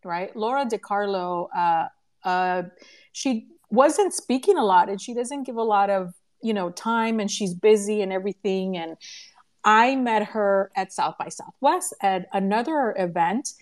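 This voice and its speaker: A woman's voice: mid-range voice, unhurried. A woman organizing a conference, telling a story in a casual live audio room with lots of laughter and acted-out quotes. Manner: animated, laughing, acts out quoted voices. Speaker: conference organizer and podcast host. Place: home living room. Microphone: phone or computer mic in a live audio room.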